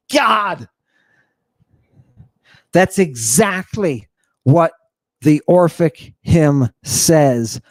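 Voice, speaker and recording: Fiery male lecturer, high voice, unhurried delivery, provocative and full of rhetorical questions. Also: a little mellow, dry recording. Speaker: host and lecturer. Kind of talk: impassioned lecture on ancient texts.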